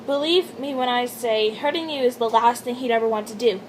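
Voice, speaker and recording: A woman's voice: fairly high pitch, fairly even intonation, brisk, a little hiss or hum, natural voice, low-quality recording. A woman voicing a teasing young male friend, attempting a South African accent. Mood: earnest.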